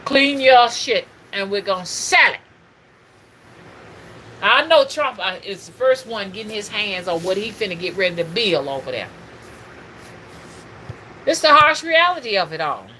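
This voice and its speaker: Middle-aged woman, bright forceful voice, preachy livestream host with faint room noise. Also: medium pitch, unhurried, long pauses, low-quality recording. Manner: animated, preachy, addresses viewers as y'all. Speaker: spiritual reader and livestream host. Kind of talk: casual livestream talk.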